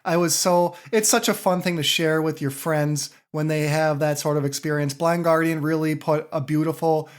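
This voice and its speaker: A man's voice: on the high side, steady tone, moderate pace, few pauses. A man co-hosting a podcast in casual chat, hyped and jokey, swearing freely. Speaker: podcast co-host.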